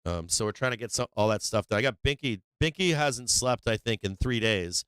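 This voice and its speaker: A man hosting a live trading stream, talking casually and excitedly, swearing freely and laughing often. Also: fairly low pitch, fairly quick, clear, resonant tone, no room sound. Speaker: livestream trading host. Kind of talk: casual livestream chat.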